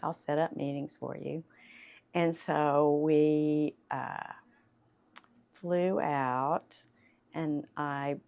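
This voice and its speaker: A woman's voice: deep voice, creaky, darkish tone. A woman in her sixties with a light Southern accent, an actress telling chatty stories to an audience and laughing often. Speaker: actress and voiceover artist giving a talk. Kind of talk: storytelling talk to an audience.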